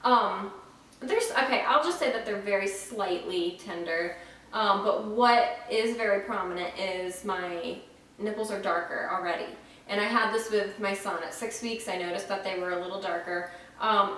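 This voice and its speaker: A woman's voice: mid-range voice, fairly bright tone, distant mic. Chatty young woman in an echoey room. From Florida. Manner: chatty, frank, many ums and restarts. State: dry mouth, short of breath. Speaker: vlogger. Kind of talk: casual pregnancy update vlog. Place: at home, indoors. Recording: very echoey room, faint noise, off-mic.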